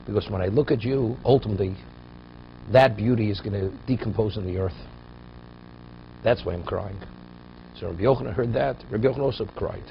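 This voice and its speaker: A man's voice: medium pitch, vocal fry. A man giving a Torah class in a mid-range voice, telling the story at an easy pace and then pressing hard on his main points. The recording is dull and lo-fi, with a faint hum of room ambience behind him. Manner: storytelling, rising to emphatic peaks. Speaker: Torah teacher.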